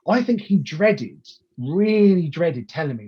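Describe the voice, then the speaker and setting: A man with a husky, slightly raised voice talks in a casual interview. He tells his stories with animation, stumbling into restarts and acting out what people said. The recording sounds dull and lo-fi. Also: fairly high pitch, measured pace. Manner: animated storyteller who acts out quoted lines, with many restarts. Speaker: wrestling promoter.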